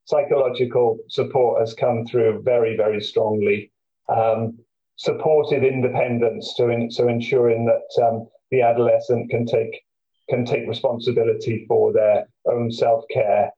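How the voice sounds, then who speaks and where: A man leading a discussion, summarising points in a halting way with many restarts. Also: medium pitch, flat delivery, lo-fi sound. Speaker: facilitator.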